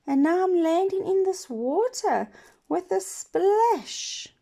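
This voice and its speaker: A woman's voice: extremely high pitch, lively intonation, slow, vocal fry, mellow, pitched above the performer's own voice, exaggerated voice. A woman voicing a frightened pirate man with a hook in a storybook-style children's lesson, squealing in alarm.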